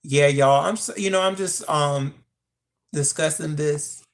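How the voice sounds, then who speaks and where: Creaky voice, middle pitch, chatty livestream commentary on a phone, greets the chat and teases them. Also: unhurried. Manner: talks straight to the chat, greets viewers, pitch jumps up when teasing. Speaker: live-stream commentator. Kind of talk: casual live-stream commentary.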